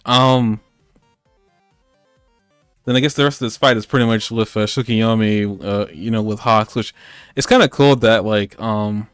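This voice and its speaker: A man's voice: fairly low pitch, measured pace, pauses often, fairly bright tone, smooth, no room sound, soft background music. Rambling man recapping anime, dry mic. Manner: rambling, joking, many fillers. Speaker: podcast co-host. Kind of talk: casual anime recap chat.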